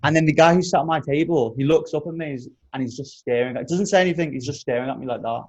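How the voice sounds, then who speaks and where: A man's voice: on the high side, quick pace, dull audio. Young man telling a wild story. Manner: animated storyteller, swears a lot. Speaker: podcast host. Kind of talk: casual chat, storytelling.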